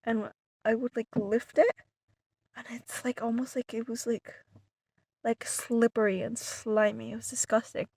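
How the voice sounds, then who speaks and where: A woman's voice: on the high side, normal speed, husky, no room sound. A woman telling a long story casually to her viewers, rambling with many "like" fillers and restarts, sometimes dropping to a whisper. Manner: animated retelling, some words dropped to a whisper. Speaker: vlogger.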